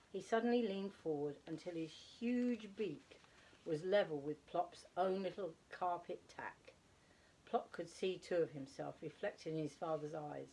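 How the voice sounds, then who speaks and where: A woman reading a children's story aloud with expressive delivery, slowing for emphasis. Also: lowish voice, a little hiss or hum.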